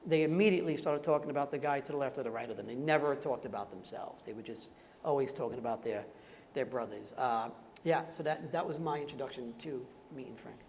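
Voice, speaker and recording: A man on a conference panel telling a personal story in a halting, laughing way. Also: mid-range voice, a little mellow. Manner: halting, with restarts and frequent laughter. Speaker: actor on a veterans' conference panel. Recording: echoey hall with faint noise.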